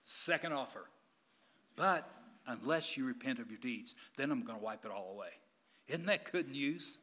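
A man preaching a sermon in a church, swinging between loud emphatic passages and hushed, quiet ones. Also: mid-range voice, expressive, normal speed, long reverb tail.

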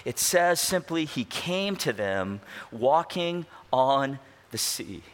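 A pastor delivering an expository sermon, asking rhetorical questions and slowing down to stress key words. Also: male voice, mid-range voice, sing-song. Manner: emphatic, rhetorical questions, slows down for weight.

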